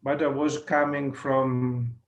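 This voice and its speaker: Joining a satsang over a video call, an Italian man in his sixties, Italian being his first language, shares a personal story in halting speech with many fillers and restarts. He speaks with an Italian accent at a medium pitch, his delivery flat, and the recording is muffled.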